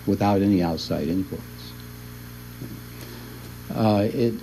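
A man lecturing a Bible class at a relaxed classroom pace, his voice mellow and warm, with a steady middle pitch. He laughs lightly as he works through his points. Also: slight background noise, low-quality recording. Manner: chuckles often while explaining.

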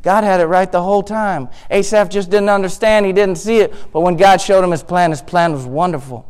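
A man preaching a sermon as pastor, impassioned and full of rhetorical questions, rising at times to near-shouting. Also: sits high, fairly quick, clear, resonant tone.

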